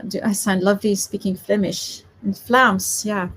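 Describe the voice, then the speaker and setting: Speaking at a normal pace with fairly even intonation, a South African papercraft demonstrator hosts a chatty, giggly live tutorial full of self-deprecation. Her mid-range voice is a bit bright, with a breathy edge and a light South African accent.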